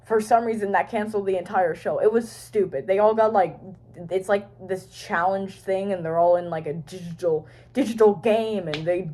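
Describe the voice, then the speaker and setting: A woman's voice: mid-range voice, darkish tone. A woman vlogger talking to her phone camera in a rambling, casual way, swearing and trailing off. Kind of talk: rambling casual fan chat.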